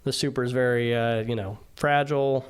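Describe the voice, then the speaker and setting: A man's voice: mid-range voice, fairly even intonation, a little fast, smooth. A man, a former navy aviation sailor, telling stories in a casual interview, rambling with many fillers and restarts.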